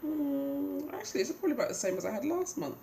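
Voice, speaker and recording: A woman's voice: high voice, very animated, fast, vocal fry, mellow, slight background noise. A woman from the UK with a cold, chatting in a rambling way with many ums as she gives a casual video update at home. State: has a cold. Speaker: vlogger. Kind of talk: casual hair update vlog. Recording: roomy home recording.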